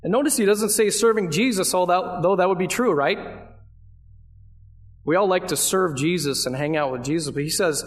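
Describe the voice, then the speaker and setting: A man's voice: high voice, a little fast. Conversational man preaching a sermon. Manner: conversational, asks the congregation questions; emphatic, leans on key phrases. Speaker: pastor.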